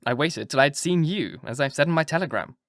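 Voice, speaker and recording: A man's voice: fairly high pitch, animated, fast, a bit bright, no echo, studio quality. A man voicing an earnest male doctor who answers in a plain, careful way.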